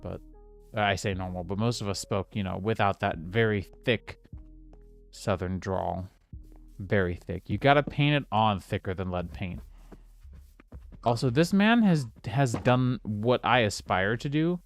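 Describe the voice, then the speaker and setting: Low-voiced man chatting over gameplay. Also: lively intonation, unhurried, faint music behind. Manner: chatty, rambling, exasperated outbursts at the game. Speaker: streamer. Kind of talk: casual gameplay commentary.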